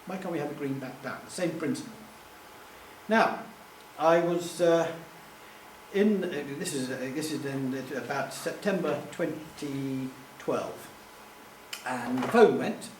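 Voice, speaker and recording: A middle-aged man with a fairly high voice tells rambling, self-deprecating stories to a live audience. He is picked up from a distance in an echoey hall. There is a faint hum of ambience behind him. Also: unhurried. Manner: chatty, self-deprecating, acts out quoted voices. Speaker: public speaker. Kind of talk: anecdotal talk to a live audience. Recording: echoey room, distant mic.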